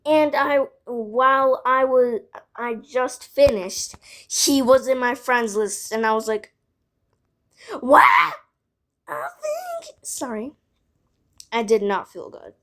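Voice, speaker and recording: A woman's voice: on the high side, sing-song, takes it slowly. A female voice telling a casual storytime vlog, rambling with lots of "like" and side remarks. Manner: rambling, filled with "like", frequent asides.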